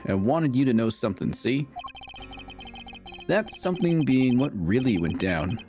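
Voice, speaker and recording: A man's voice: medium pitch, animated, a little slow, darkish tone, faint music behind, close to an everyday voice. A man doing a breezy, slangy young investigator. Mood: storytelling. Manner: breezy, teasing storyteller slang. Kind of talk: live voice-over of a video game.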